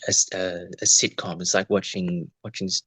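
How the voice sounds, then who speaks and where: A man's voice: low voice, little pitch movement, normal speed, fairly bright tone, husky, no room sound, rough recording. A man co-hosting a podcast, telling rambling, reflective travel stories in casual chat with some swearing. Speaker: podcast co-host.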